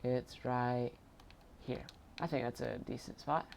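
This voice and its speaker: A man casually commentating his own video game play, chatty and bursting into excited shouts. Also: mid-range voice, slow, creaky, slight background noise. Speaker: gaming channel host.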